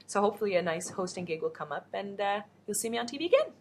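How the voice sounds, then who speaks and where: Expressive and fast-talking, this young woman has a medium-pitched voice. She's a Filipina actress doing a casual webcam Q&A from home, answering fan questions cheerfully and wandering off into asides.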